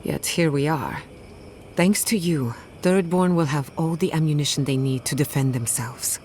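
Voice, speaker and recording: A dry, skeptical scholar. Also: female voice, deep voice, moderate pace, darkish tone, slight background noise. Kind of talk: video game character dialogue.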